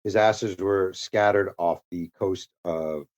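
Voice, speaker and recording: Lively low-voiced man telling a story. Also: slow pace, muffled recording. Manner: animated storyteller, acts out quoted dialogue. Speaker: author and guest. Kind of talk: conversational storytelling interview.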